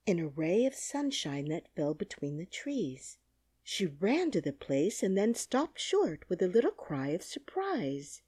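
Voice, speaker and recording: A woman narrating a classic children's audiobook with an expressive storytelling reading, on a close studio mic. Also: mid-range voice, husky, dry recording.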